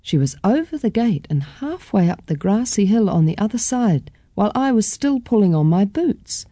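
A woman reading a children's story aloud in a gentle, expressive way. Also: medium pitch, normal speed, no room sound, studio quality. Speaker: storybook reader.

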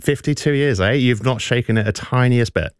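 A man's voice: mid-range voice, fairly quick, clear, resonant tone, no room sound, studio quality. A man speaking as a resident linguist panelist on a radio show, talkative, stumbling and repeating words.

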